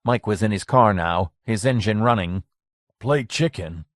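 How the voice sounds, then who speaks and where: A man narrating a horror story audiobook in a measured, steady way. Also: lowish voice, dry recording, clean studio sound. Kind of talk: scripted narration.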